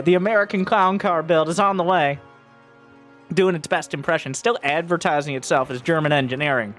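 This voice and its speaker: A man casting a strategy game match, joking around and getting loud and excited at big plays. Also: on the high side. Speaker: esports caster. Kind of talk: game commentary.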